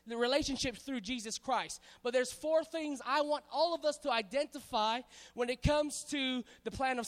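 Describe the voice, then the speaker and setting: A man from Hawaii preaching a sermon to a congregation, animated and playful, calling on the crowd to answer back. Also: extremely high pitch. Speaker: pastor. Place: church hall. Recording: hall reverb.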